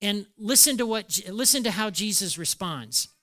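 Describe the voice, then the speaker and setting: A man preaching a sermon, animated, acting out quoted lines with small laughs. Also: high voice, normal speed. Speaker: pastor.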